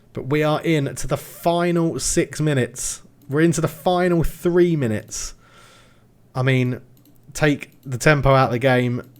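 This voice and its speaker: A young man narrating his own football management game in a let's play, calling the action as it happens. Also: medium pitch. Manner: excitable, commentating on the match out loud. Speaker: gaming YouTuber.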